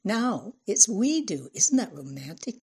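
A woman's voice: mid-range voice, big pitch swings, measured pace, darkish tone, breathy edge, heavily acted. A woman playing a weepy demanding wife. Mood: coaxed, playful. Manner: wailing, sobbing, pouty.

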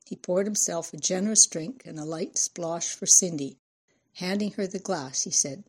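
A woman narrating an audiobook in a measured storytelling manner. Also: lowish voice, a little mellow, slightly rough.

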